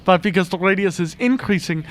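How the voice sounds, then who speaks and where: A man's voice: sits high, a little fast, close to an everyday voice. A man doing a rambling, earnest music professor. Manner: rambling, grandly earnest, odd phrasing. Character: eccentric, emotional male music professor. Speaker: interviewee. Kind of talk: improvised comedy interview.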